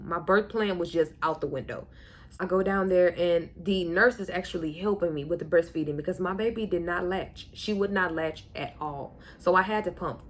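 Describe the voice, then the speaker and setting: A young woman speaks candidly to her viewers, in a fairly low voice, telling her own story as if chatting with friends. A faint hiss sits under the recording. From Houston, Texas. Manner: candid and conversational, addresses viewers as "y'all". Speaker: vlogger. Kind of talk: personal storytelling vlog.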